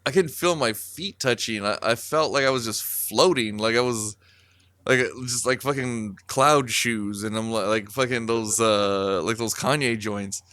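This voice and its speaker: A man's voice: medium pitch, unhurried, pushed and bright, no echo. A man co-hosting a podcast, telling a rambling story casually with lots of swearing and filler words. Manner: rambling, profane, many fillers. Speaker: podcast co-host.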